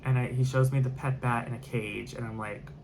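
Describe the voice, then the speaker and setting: Male storyteller, mid-pitched, casual rambling delivery with constant fillers. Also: steady tone, fairly quick, creaky, darkish tone, slight background noise. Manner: rambling, heavy on fillers and restarts.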